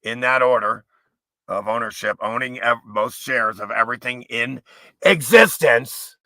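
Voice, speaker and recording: A man hosting a livestream, ranting in a profane, angry, rambling way and sometimes shouting. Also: mid-range voice, a little slow, no room sound. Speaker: livestream host. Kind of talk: livestream rant.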